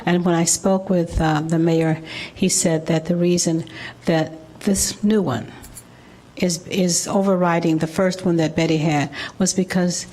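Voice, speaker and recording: A woman addresses a city committee during public comment. She speaks in a somewhat low voice and goes slowly, pausing with ums and starting her sentences over. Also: steady tone, darkish tone. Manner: halting, full of ums and restarts. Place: city council meeting room.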